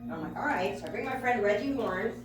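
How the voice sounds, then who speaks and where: A woman telling a lively story to an audience, acting out the voices of the people in it and laughing often. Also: mid-range voice, fast talker. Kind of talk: animated storytelling on stage. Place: event hall with live audience. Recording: echoey hall from far off with music.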